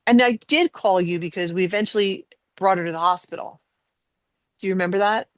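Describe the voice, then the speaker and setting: A middle-aged woman hosting a podcast shares a personal family story conversationally, getting emotional and rambling with lots of fillers and restarts. Her mid-range voice moves briskly, and the recording is dry.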